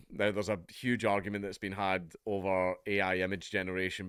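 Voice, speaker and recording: This man from Scotland, a YouTube commentator, chats casually while reading and reacting to a news story, cursing occasionally and chuckling at his own jokes. The recording is dry and clean like a studio, and his lowish voice has a clean, slightly bright tone.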